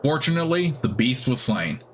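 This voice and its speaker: A man's voice: medium pitch, sing-song, fairly quick, a little hiss or hum, natural voice. A man reading Solberg, an eager old wizard. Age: older. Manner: eager, talkative. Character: elderly lonely male wizard, eager and chatty.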